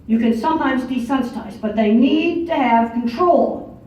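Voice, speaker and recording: Older woman, blunt and emphatic lecturer, high voice, distant in a big echoing hall. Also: moderate pace, dark tone. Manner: blunt, matter-of-fact, emphatic. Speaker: speaker giving a lecture. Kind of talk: conference talk. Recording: far-off echoey hall, dull lo-fi audio.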